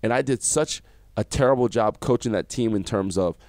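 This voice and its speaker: A man, a former basketball coach, guest on a radio interview, telling animated stories and acting out what people said to him. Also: on the low side, moderate pace, dry recording, clean studio sound. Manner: animated storyteller acting out quotes. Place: radio studio.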